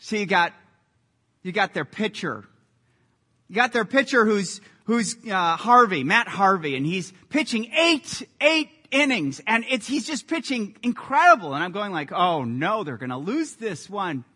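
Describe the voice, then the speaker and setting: Guy preaching a sermon, pretty high voice, gets really animated telling stories. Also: measured pace, long reverb tail. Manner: animated storytelling with lively sports anecdotes. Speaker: pastor.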